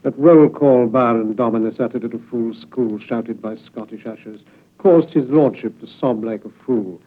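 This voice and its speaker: A man reciting his own poetry in a declamatory way, booming some lines and letting others trail off low. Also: normal speed, husky. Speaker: poet. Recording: tinny lo-fi archival radio recording.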